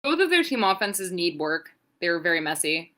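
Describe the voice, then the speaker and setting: A woman's voice: on the low side, big pitch swings, normal speed, pushed and bright. A young adult woman co-hosting a podcast, giving a sarcastic, profane, rambling play-by-play recap. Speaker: podcast co-host. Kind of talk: casual wrestling recap.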